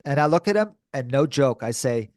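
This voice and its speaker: Animated man telling a story on a podcast. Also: mid-range voice, fairly quick, no room sound, clean studio sound. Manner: animated, acts out quoted dialogue; says dude and bro often. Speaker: podcast co-host. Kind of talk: casual storytelling chat.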